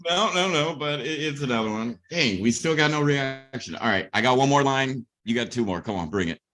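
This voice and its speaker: A man's voice: medium pitch, expressive, brisk, a bit bright. Teasing male live-stream host. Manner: teasing, goofy pickup lines. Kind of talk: casual live-stream chat.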